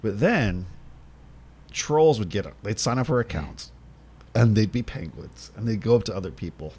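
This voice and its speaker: A man with a low voice that swings widely as he talks, co-hosting a casual podcast. He rambles through stories full of fillers and drops swear words freely. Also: expressive, normal speed, darkish tone, husky. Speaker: podcast co-host.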